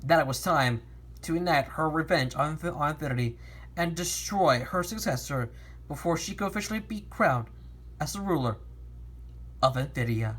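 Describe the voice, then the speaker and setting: Storybook reader, woman, husky and animated, frequent restarts. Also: deep voice, normal speed. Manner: lively, with frequent restarts and stumbles. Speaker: narrator reading a fan story. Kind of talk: storybook reading.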